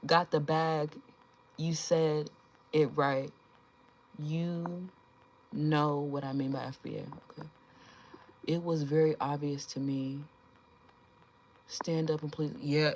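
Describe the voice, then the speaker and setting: A young woman with a low voice hosts a casual livestream and talks straight to her viewers. She is blunt, swears freely and jokes around, laughing often. A faint hiss sits behind her. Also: a little mellow, low-quality recording. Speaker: livestream host.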